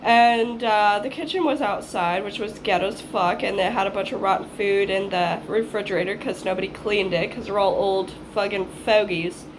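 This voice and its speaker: A woman's voice: mid-range voice, moderate pace, hardly any pauses, noisy background. A woman in her twenties, raised in Hawaii, telling a rambling personal story in a casual vlog, swearing freely and acting out what she once said. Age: 20s. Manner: rambling, swears freely, acts out her own past lines. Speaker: vlogger.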